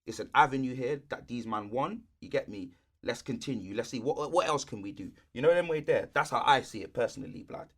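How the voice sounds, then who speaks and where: A young man, co-hosting a podcast in relaxed chat full of street slang. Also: medium pitch, fairly quick. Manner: laid-back, heavy street slang. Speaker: podcast co-host. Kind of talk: casual chat.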